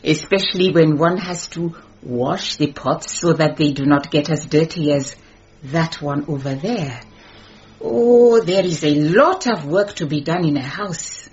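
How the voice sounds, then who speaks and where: A calm, shrewd middle-aged woman with a rather low voice. She makes her points politely, and the radio-drama recording sounds muffled. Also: measured pace. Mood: pointed.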